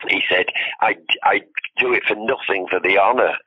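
A man's voice: fairly low pitch, normal speed, husky. An older man, an art dealer, telling long stories in a podcast interview, often restarting his sentences. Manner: rambling anecdotes with many restarts. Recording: dull lo-fi sound.

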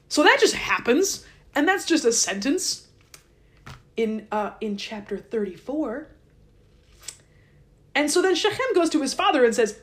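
A woman's voice: high-pitched, sing-song, unhurried, pauses often. A woman host casually retelling a story in a chatty, irreverent, joking way. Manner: irreverent, chatty, swears lightly. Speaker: podcast host.

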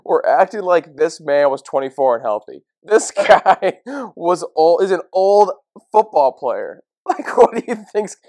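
A man's voice: a little high, big pitch swings, measured pace, few pauses, darkish tone, no echo. Laughing podcast co-host man, dry sound. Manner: laughing storyteller, many fillers. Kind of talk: casual sports chat.

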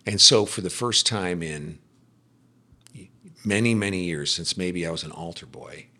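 A middle-aged man, a podcast guest, giving a personal faith testimony in casual conversation, telling it as an animated storyteller. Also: sits low, a little slow. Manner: animated storyteller, acts out quoted speech.

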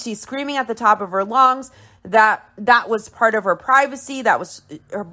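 A woman's voice: on the high side, normal speed, sharp tone. A woman hosting a podcast, recapping and commenting on a reality show in a blunt, opinionated way and swearing freely. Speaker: podcast host.

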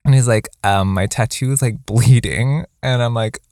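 A man's voice: mid-range voice, normal speed, gravelly, dry recording, studio quality. Chatty young man telling a dating story. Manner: animated, quoting people in a raised voice; lots of likes and ums. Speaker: podcast co-host. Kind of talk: casual storytelling chat.

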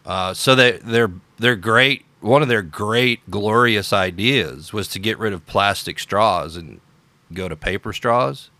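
A man's voice: on the low side, unhurried, bright, forceful tone, no room sound. A man hosting an unscripted political podcast, talking in an opinionated, sarcastic way with emphatic repetitions. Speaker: podcast host.

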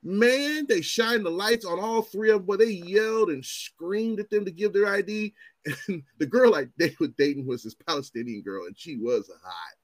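A man in his forties telling stories in casual chat as host, animated and profane, acting out what others said. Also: high-pitched, moderate pace, dry recording. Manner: animated, profane, acts out quotes in raised voices.

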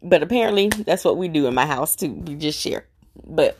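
A middle-aged woman casually telling a personal story, chatty and animated, acting out her family's voices and repeating herself for emphasis. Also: fairly low pitch, fairly quick.

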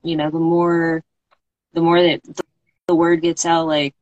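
A woman's voice: low-pitched, level tone, measured pace, long pauses, darkish tone, dry recording, poor audio. A woman hosting a podcast, supportive and reflective, often answering with short listening sounds. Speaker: podcast host. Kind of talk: casual conversation.

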